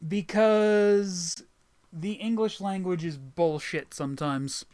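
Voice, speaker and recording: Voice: medium pitch, a little slow, darkish tone. A streamer giving casual gameplay commentary, rambling, joking and swearing.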